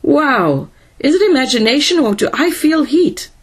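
Jumpy male engineer, loud and emphatic, read by a woman, higher than her narration. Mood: excited, emphatic. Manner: excitable, emphatic, quick to complain. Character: excitable young male space engineer. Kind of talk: audiobook character voice.

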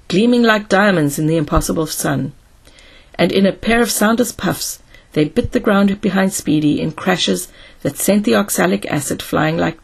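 A woman narrating a science fiction audiobook with steady storytelling. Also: lowish voice, creaky, slightly rough.

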